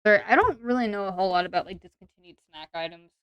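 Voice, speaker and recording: A woman streamer talks casually and rambles with lots of fillers. Her voice is smooth and clear, at a middle pitch, recorded dry and close. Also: lively intonation, rapid-fire, a bit bright, no echo. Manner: chatty and rambling, many "like" and "um" fillers.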